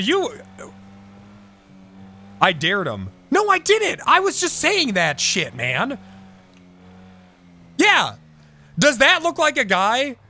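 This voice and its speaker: A man streaming live, chatting casually with an excitable, profane manner and mock-outraged outbursts. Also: high voice, a little hiss or hum.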